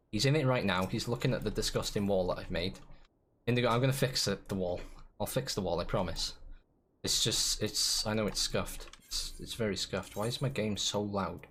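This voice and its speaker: A man's voice: lowish voice, slight background noise. A man chatting casually and playfully on a live game stream, rambling and giggling as he goes.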